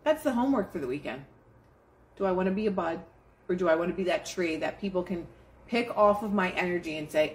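A woman's voice: on the low side, lively intonation, brisk. A woman hosting a live stream, giving a casual motivational pep talk to her chat in a blunt, profane, emphatic way.

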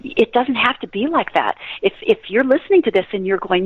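A woman's voice: on the high side, expressive, brisk, husky, no echo, phone-quality sound. A woman guest on a radio interview, telling stories with energy, laughing often and breaking into prayer. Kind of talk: animated interview storytelling.

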